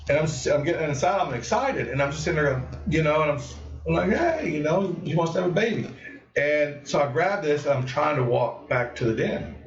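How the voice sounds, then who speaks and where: A man hosting a live stream, telling a story in a rambling, animated way and acting out what others said. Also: a little high, fairly quick, far from the mic. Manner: rambling, animated, with lots of restarts and acted-out quotes. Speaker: host of a live cannabis stream. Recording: muffled echoey room, voice off-mic.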